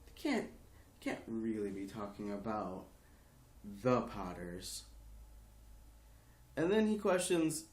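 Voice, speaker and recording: Animated man in an echoey room. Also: on the low side, takes it slowly, pauses often. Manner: animated retelling, acting out quotes. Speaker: podcast co-host. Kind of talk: casual book discussion. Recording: roomy echo.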